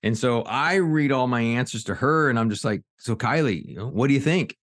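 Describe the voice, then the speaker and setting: A man's voice: mid-range voice, lively intonation, a little fast, a bit bright, no echo, studio quality. A middle-aged man, an executive coach and author, telling stories earnestly as a podcast guest, with many restarts. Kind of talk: podcast interview storytelling.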